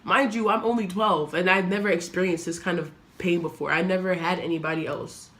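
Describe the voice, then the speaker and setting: A young woman vlogger speaking earnestly to her camera, telling a personal story in a halting, reflective way. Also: lowish voice, fairly even intonation, fairly bright tone. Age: young adult.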